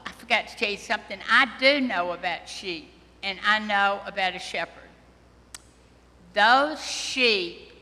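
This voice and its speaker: A woman priest giving a children's sermon, talking slowly and gently and asking the children questions. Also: mid-range voice. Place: church sanctuary. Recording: long church reverb.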